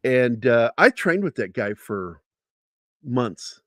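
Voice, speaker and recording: Man, casual storyteller, mid-pitched, animated swings, dry close sound. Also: slow pace, no echo. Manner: anecdotal, with restarts and profanity. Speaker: guest comic book artist. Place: livestream interview.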